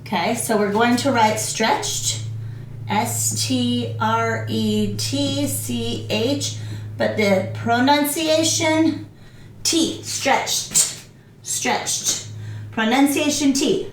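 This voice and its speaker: Woman teacher drilling english verbs real slow, echoey classroom, mic kinda far off. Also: fairly high pitch, a little hiss or hum. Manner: repeats each word slowly and clearly, acts out actions.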